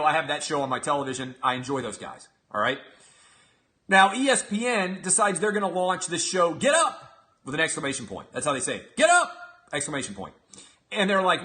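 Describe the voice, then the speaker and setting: A man hosting a sports talk show, giving emphatic, sarcastic solo commentary that swings between loud and quiet. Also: sits high.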